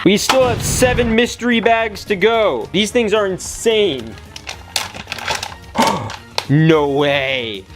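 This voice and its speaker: A young man excitedly narrating a toy unboxing, joking and talking to the toys and to viewers. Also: high voice, measured pace, few pauses. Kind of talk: excited casual unboxing commentary. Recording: soft music bed under voice. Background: soft background music.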